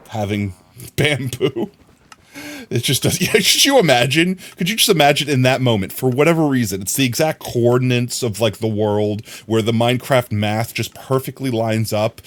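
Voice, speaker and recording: A man streaming a video game, rambling to himself and his chat with frequent laughter. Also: medium pitch. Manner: rambling, self-talking, laughs often; chatting to viewers. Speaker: livestreamer. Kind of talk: casual gameplay commentary.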